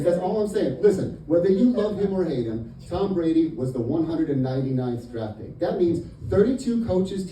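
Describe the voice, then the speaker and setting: A young male comedian from Indiana works a club crowd with a raised voice. His delivery is punchy and exasperated, swinging between mutters and loud bursts. The stage mic sits at a distance in a roomy, echoing space with steady noise. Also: sits high. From Indiana, USA. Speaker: stand-up comedian. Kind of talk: stand-up comedy set.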